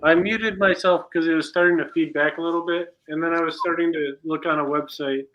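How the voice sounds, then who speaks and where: A man's voice: a little high, fairly even intonation, fairly quick, bright, forceful tone, a little hiss or hum. A man co-hosting a casual chat over a video call, easygoing and dry. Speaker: podcast co-host. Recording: dull lo-fi call audio.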